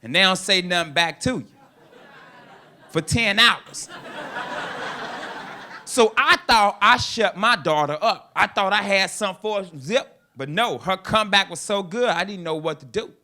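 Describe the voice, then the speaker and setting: A man from North Carolina, performing a stand-up set with loud, punchy storytelling. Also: sits high, expressive, normal speed. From North Carolina, USA. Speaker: stand-up comedian.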